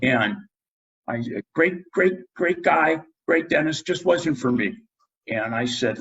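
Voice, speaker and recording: Middle-aged male guest, husky low voice, lively storyteller doing quotes, muffled lo-fi recording. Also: takes it slowly. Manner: animated storyteller, acts out quotes. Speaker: guest dentist. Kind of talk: storytelling in a podcast interview.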